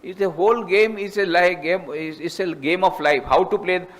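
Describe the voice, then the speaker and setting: A monk with an Indian accent gives a lecture at a moderate pace, speaking emphatically and repetitively and climbing high in pitch to stress his points.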